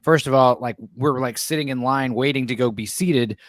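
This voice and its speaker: An excitable man recounting a night at the movies, acting out the crowd's voices along the way. His pitch sits in the middle for a man. The recording is dry and close. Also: normal speed, no echo. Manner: excited storyteller, acts out voices, says "dude" and "like". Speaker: guest. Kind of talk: casual film chat.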